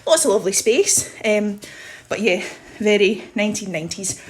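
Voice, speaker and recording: A young woman talking fast and cheerfully as she walks through her house. She sounds a bit out of breath from climbing stairs, with a middle-pitched voice and easy, self-mocking asides. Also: animated. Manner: chatty, quick, self-mocking with laughs. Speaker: vlogger. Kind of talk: house tour vlog. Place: her own house, walking room to room.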